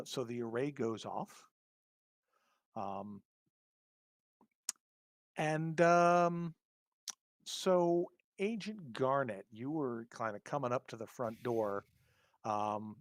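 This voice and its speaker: A man running a tabletop game, narrating scenes in a relaxed way with plenty of ums. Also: medium pitch, slow, pauses often, dry recording. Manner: relaxed, many ums and fillers. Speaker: game master.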